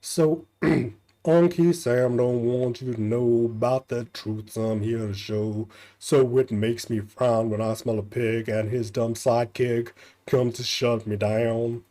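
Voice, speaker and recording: A man's voice: mid-range voice, steady tone, a little mellow. A man voicing a street busker from a game who speaks in rhyme, suspicious of authority. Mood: sly. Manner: slow, deliberate rhyming delivery.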